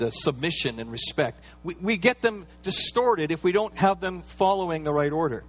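Man preaching in a conversational tone. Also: fairly high pitch. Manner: conversational preaching with fillers and playful asides. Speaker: pastor. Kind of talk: sermon.

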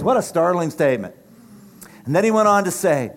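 A middle-aged male preacher delivers a sermon in a notably high voice. He builds his points in rhythmic, repeated phrases and speaks with rising passion. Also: big pitch swings, moderate pace.

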